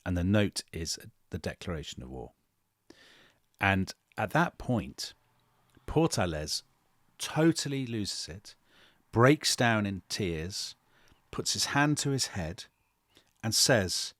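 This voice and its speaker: Deep guy spinning a history yarn, dry close mic, acts out the quotes. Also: sing-song, slow pace, a bit bright, no room sound. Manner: dramatic retelling with acted quotes. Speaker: podcast co-host. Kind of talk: animated historical storytelling.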